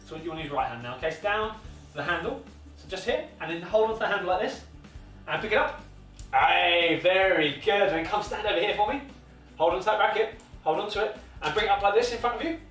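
A man's voice: sits high, animated, quick pace, a bit bright. A man with a British accent coaching a toddler in tennis, in an encouraging, sing-song way with lots of repeated instructions. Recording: echoey room, mic at a distance, faint music.

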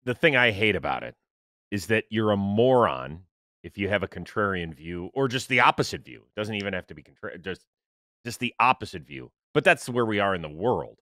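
A man's voice: lowish voice, no room sound, studio quality. A man hosting a sports podcast, ranting in casual chat and swearing freely. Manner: animated, profane, quick to rant. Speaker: podcast host.

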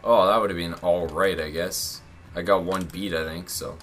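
Young male gaming host, bright forward tone, relaxed chatter that spikes into excited yells. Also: deep voice, moderate pace. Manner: excitable, yells and laughs at close plays. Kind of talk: casual gameplay commentary.

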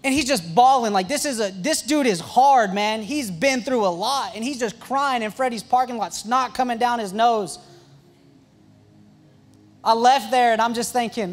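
Young male youth pastor, very high voice, excitable storyteller with quick jokes. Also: faint music behind. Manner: excitable and joking, with quick asides and restarts. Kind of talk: storytelling sermon.

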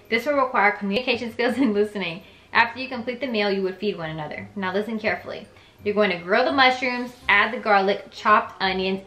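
A young woman gaming YouTuber voices the dialogue of a story game, switching in and out to add chatty, reactive comments. Her voice is mid-range with a sharp tone, and the sound is roomy.

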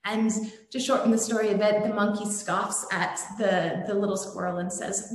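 A woman giving a gentle, devotional sermon and telling a story, with some fillers. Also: medium pitch, fairly even intonation, moderate pace. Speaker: satsang speaker. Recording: very echoey room.

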